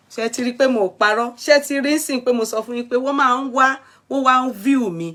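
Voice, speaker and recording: A woman's voice: on the high side, fast, few pauses, a bit bright. A Nigerian woman vlogger chatting live with her viewers, exclamatory and switching between Pidgin and Yoruba. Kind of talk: live-stream chat with viewers.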